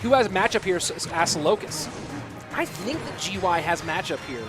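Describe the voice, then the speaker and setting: High-voiced American esports caster. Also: male voice, animated, normal speed. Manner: chatty, reads out and answers viewer chat. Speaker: esports commentator. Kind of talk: live game commentary. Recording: music behind the voice.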